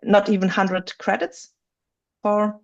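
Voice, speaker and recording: A woman's voice: medium pitch, flat delivery, slow, creaky. A woman instructor leading a live online workshop, chatty and thinking aloud, laughing easily. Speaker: writing software instructor. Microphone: video call. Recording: dull lo-fi video call audio.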